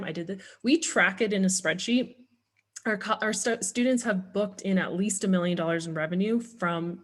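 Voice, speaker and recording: A woman guest who teaches online business, talking in an earnest, encouraging way. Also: mid-range voice. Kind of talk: conversational coaching talk.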